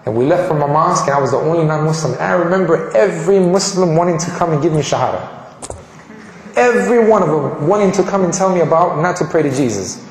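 A man from Colombia telling his personal story in an animated way, often restarting his sentences. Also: a little high, quick pace, slight background noise. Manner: animated, frequent restarts and fillers. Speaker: convert giving a testimony. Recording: echoey hall with long reverb.

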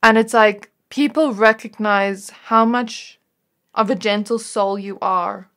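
A woman giving an intuitive tarot reading to her viewers, talking in a gentle, reflective way and often pausing on "like" as she muses. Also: mid-range voice. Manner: gentle, reflective, musing with frequent "like". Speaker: tarot reader.

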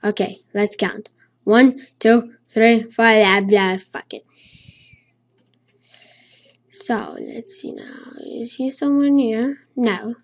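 A woman, not a native English speaker, commenting on a horror game she is playing, jittery and swearing a lot, humming nonsense to stay calm. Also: a little high, slow, pauses often. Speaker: let's play gamer.

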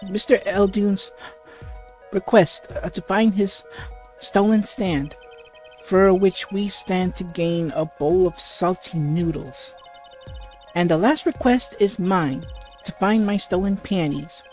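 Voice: mid-range voice, slow, darkish tone, soft background music, lightly acted. A gamer voicing a cheerful teenage girl magician, bubbly and upbeat, with heavy stutters while reading game dialogue aloud. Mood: chatty.

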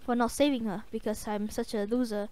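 A young woman hosting a gaming channel, giving casual, excitable gameplay commentary with a voice going hoarse. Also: a little high, fairly quick. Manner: excitable, yelps and trash-talks the game.

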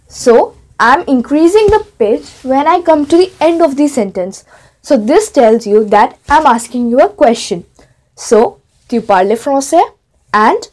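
A woman's voice: sits high, darkish tone. A woman teaching a French grammar lesson in English, explaining step by step and starting many sentences with "so". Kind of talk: online language lesson.

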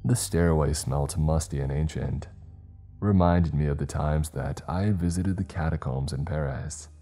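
A man narrating a horror story in a slow, measured storytelling voice. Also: rumbling low, mellow. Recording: faint background music.

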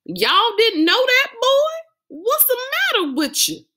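A woman's voice: extremely high pitch, very animated, slow, bright, forceful tone, pitched above the performer's own voice, full character voice. A woman reading an audiobook, voicing a father who puts on an exaggerated mock Southern accent to tease his kids. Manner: teasing drawl, exaggerated.

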